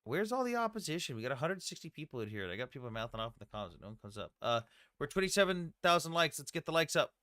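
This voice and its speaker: A man hosts a live debate stream and talks fast, with a bright, forceful edge. His speech is blunt and profane. The sound is dry and close, with almost no room echo. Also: mid-range voice, expressive. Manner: blunt and profane, quick asides. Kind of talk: casual live-stream talk.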